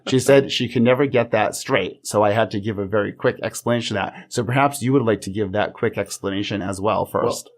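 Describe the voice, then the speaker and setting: A man co-hosting a library podcast, chatty and playful, reading a poem aloud in measured lines. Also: lowish voice. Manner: playful, reads his own poem aloud slowly. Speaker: podcast co-host. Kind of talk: casual podcast chat.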